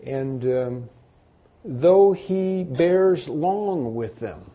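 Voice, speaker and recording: Mellow-voiced man preaching a sermon. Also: a little high, lively intonation, extremely slow. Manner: unscripted preaching with restarts, rising and louder on emphatic points. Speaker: pastor.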